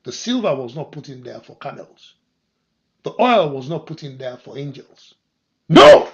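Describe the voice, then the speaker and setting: A man preaching a sermon as pastor, moving from quiet scripture reading to loud, emphatic declarations. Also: mid-range voice, big pitch swings, normal speed. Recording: dull lo-fi sermon recording.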